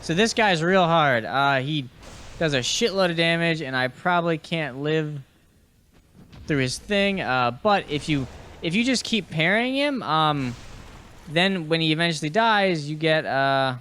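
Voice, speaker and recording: Rambling young gamer host, slightly raised voice, loose swearing commentary. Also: male voice, on the high side, expressive, unhurried, bright, forceful tone. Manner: rambling and chatty, with fillers and restarts; swears casually and talks to enemies on screen. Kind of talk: casual gaming podcast commentary while playing.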